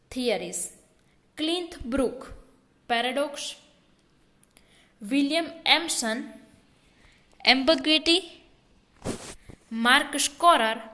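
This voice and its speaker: A woman's voice: sits high, sharp tone. A woman teaching, working through exam questions one by one and repeating the key points as she explains. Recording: echoey room.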